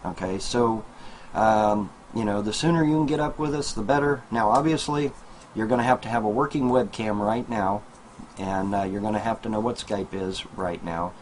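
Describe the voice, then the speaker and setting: Guy, kinda low voice, rambling into a webcam at home, lots of you know and blah blah, faint hiss behind. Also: moderate pace, poor audio. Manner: rambling and repetitive, full of fillers and asides to viewers. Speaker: video blogger. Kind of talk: casual monologue to camera. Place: home, small trailer.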